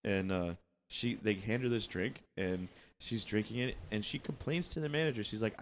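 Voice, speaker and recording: A man's voice: lowish voice, normal speed, slight background noise. A man co-hosting a casual podcast chat, telling stories and swearing often. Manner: profane, storytelling. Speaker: podcast co-host.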